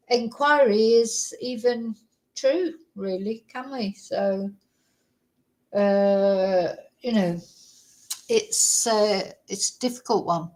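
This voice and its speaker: A woman's voice: mid-range voice, fairly even intonation, slow, darkish tone. A woman commenting casually on a true crime story during a live stream, rambling with many fillers.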